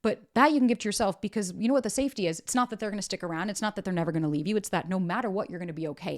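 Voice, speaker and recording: A woman's voice: lowish voice, very fast, few pauses, darkish tone. A woman hosting a podcast, giving blunt, emphatic dating advice and swearing often. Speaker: podcast host and dating coach. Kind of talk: direct-to-camera advice talk.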